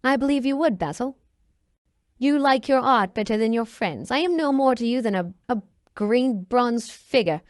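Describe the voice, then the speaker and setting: A woman's voice: fairly high pitch, animated, normal speed, no echo, clean studio sound, natural voice. A woman voicing a vain young man who dreads growing old, speaking in a pleading, anguished way. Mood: bitter.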